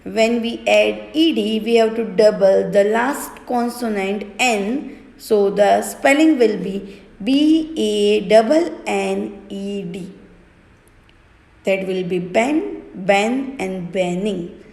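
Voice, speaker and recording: A woman with an Indian English accent teaching English grammar, spelling words out letter by letter in a slow, deliberate way. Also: mid-range voice, creaky, a little mellow. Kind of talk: recorded grammar lesson. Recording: echoey room with long reverb.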